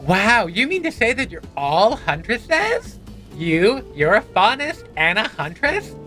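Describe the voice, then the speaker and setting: A woman's voice: medium pitch, wildly swooping pitch, slow, fairly bright tone, faint music behind, exaggerated voice. A woman streamer voicing a mouse faunus girl from a video game in a ditzy valley-girl drawl full of "like" fillers. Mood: starstruck chatter.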